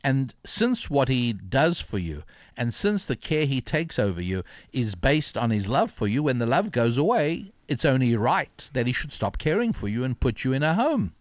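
A man's voice: mid-range voice, very animated, normal speed, no echo. Older male author as interview guest, reflective storyteller, dry dull audio. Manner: reflective, many fillers and restarts.

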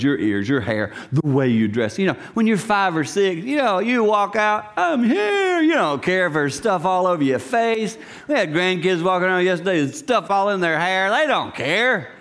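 A middle-aged man preaching a sermon to his congregation. He talks animatedly, swinging between loud lines and hushed whispers and acting out voices. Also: a little high. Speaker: pastor.

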